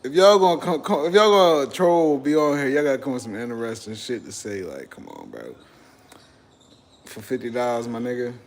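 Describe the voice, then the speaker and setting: A man's voice: medium pitch, expressive, a little fast. Profane, joking young streamer man. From Texas. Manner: profane, joking, banters with chat. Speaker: livestream host. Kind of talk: casual livestream chat reacting to viewers.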